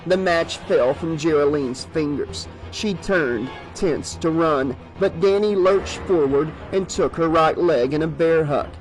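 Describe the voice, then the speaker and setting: A man giving a steady, measured audiobook narration of a horror novel. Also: fairly high pitch, soft background music, poor audio.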